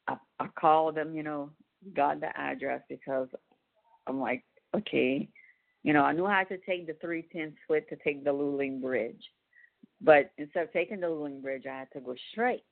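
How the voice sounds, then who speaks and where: A woman, telling a story on a phone call and acting out the voices of the people in it. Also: low voice. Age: 40s. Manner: animated storyteller acting out dialogue. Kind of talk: casual phone chat, storytelling. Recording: tinny phone line.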